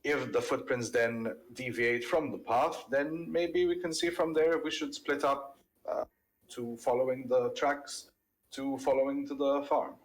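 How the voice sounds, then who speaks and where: A man playing a tabletop game, discussing plans in a polite, deliberate way and thinking aloud. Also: medium pitch, rough recording. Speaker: player. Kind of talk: in-character tabletop play discussion.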